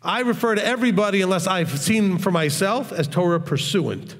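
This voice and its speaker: A man's voice: high voice, fairly quick, in a large hall. A man teaching the Bible in a blunt, hard, straightforward way, often checking in with his listeners. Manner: conversational, asks the audience questions. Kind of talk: informal recorded teaching.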